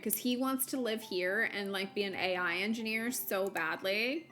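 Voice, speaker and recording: A woman's voice: mid-range voice, a little slow, sharp tone, faint music behind. A young American woman streaming a game, chatting casually with her viewers and laughing often. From United States. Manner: chatty, giggly, lots of fillers. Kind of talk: casual chat while gaming, reading chat.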